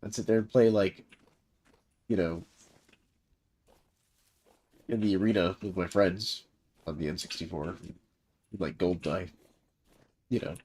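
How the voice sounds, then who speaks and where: A man's voice: low voice, fairly even intonation, unhurried, pauses often, darkish tone, breathy edge. A man in his thirties from the American South, chatting loosely while gaming on a livestream. He rambles with lots of fillers and chuckles. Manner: rambling, laid-back, many fillers and chuckles. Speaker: livestreaming gamer and server host. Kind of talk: casual chat while playing.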